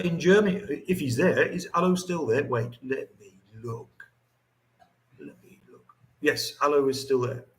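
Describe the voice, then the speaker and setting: A livestream host from England, with a slightly high voice and a fairly bright tone, chats and rambles from his Philippine home, reading out what viewers comment. The audio comes through a phone or camera microphone.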